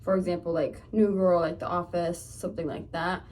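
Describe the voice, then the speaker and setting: A woman's voice: fairly low pitch, steady tone, normal speed, darkish tone, recorded from a distance. A young woman in her twenties chatting casually, in a rambling way with many fillers, while getting ready at home. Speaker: vlogger. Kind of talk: casual chat while doing makeup. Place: home room, indoors.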